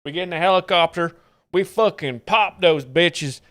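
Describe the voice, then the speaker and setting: A man's voice: high voice, normal speed, fairly bright tone. A man putting on a boastful rich Texan ranch owner with a swaggering Texan drawl. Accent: Texan, put on.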